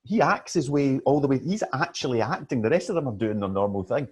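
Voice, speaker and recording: A middle-aged Scottish man co-hosting a podcast in casual, animated chat, laughing often. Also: medium pitch, fast talker, breathy edge. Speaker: podcast co-host.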